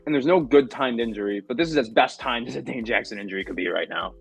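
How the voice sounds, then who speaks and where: A man's voice: medium pitch, fast talker, creaky, husky, faint music behind, poor audio. A man co-hosting a podcast, chatting casually about football and running through injury news. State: talking with food in his mouth. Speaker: podcast co-host. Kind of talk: casual sports chat.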